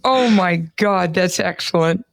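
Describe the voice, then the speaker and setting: A woman hosting a podcast interview, an animated, exclamatory storyteller. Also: lowish voice, measured pace, creaky, no echo, clean studio sound. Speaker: podcast host. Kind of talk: lively interview chat.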